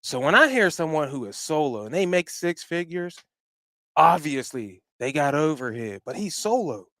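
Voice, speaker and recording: A man hosting his own podcast, giving energetic, slangy shout-outs that swing between loud bursts and quiet asides. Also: on the high side, normal speed, no echo. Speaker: podcast host.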